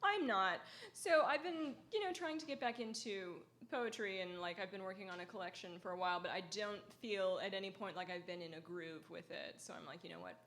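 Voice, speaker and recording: A woman's voice: mid-range voice, fairly quick, hardly any pauses, fairly bright tone. A woman from the American Midwest, answering audience questions as a guest author, laughing often and joking about herself with casual swearing. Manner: laughs often, self-mocking, swears freely.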